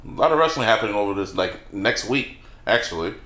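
Podcast dude chatting loose, bright lively voice, laughs a lot, echoey room. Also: male voice, on the low side, fast talker. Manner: laughs often, loose profane banter. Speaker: podcast co-host. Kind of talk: casual podcast chat. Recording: roomy echo.

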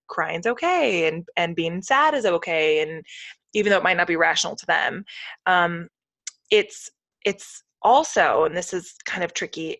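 A chatty woman in her thirties talks over a video call, voice sitting low for a woman. The sound is dry and close, with no room around it. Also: fairly bright tone, no echo. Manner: chatty, acts out toddler and parent voices. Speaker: podcast co-host. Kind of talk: casual chat.

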